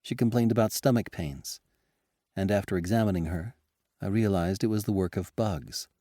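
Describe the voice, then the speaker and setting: A man voicing an earnest, composed adult female doctor in a raised, gentle and measured voice. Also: low voice, dry recording, studio quality. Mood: explaining.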